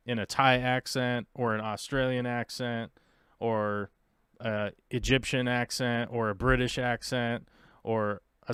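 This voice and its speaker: A man's voice: medium pitch, a bit bright, clean tone, no room sound, studio quality. An American man hosting a live show, talking in a casual, rambling way full of fillers and restarts. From United States. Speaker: host of aquarium livestream.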